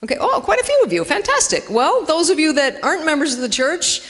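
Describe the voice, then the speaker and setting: A woman's voice: sits high, big pitch swings, fast, a bit bright. A woman doing a chatty, self-mocking stand-up set in a church hall, acting out dialogue in funny voices. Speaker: stand-up comedian. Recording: live in a reverberant hall.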